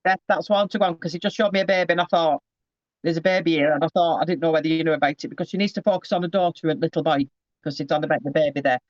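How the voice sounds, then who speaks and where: A man's voice: fairly high pitch, fairly even intonation, racing, dry recording, dull audio. A man giving a casual psychic reading over a video call, rambling and often breaking off with asides.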